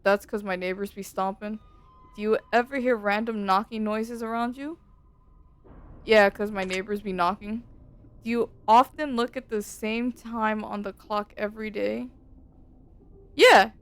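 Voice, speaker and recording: A woman streaming a game and chatting casually, telling stories in an animated, slangy way from a dark room at home into a desk mic. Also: mid-range voice, a little slow, long pauses, clear, resonant tone. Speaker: VTuber streamer.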